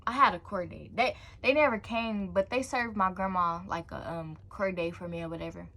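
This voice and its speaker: A woman's voice: medium pitch, moderate pace, bright, forceful tone. A young woman tells a personal story on her vlog with loose, slangy energy. She sprinkles in casual asides as she goes, and her voice sits in a middling register. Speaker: vlogger.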